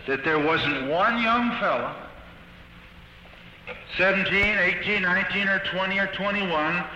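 Earnest man preaching his testimony, sharp tone. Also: high voice, a little hiss or hum. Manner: earnest storytelling, with halting restarts. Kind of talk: sermon-style personal testimony. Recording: dull old archival sermon tape in a reverberant hall.

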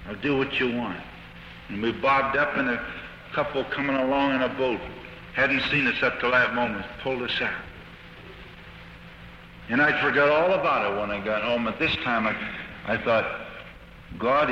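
A man giving his own testimony as a sermon, telling it earnestly with halting restarts, recorded on an old archival tape in a reverberant hall. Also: mid-range voice, pushed and bright, muffled recording, a little hiss or hum. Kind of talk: sermon-style personal testimony.

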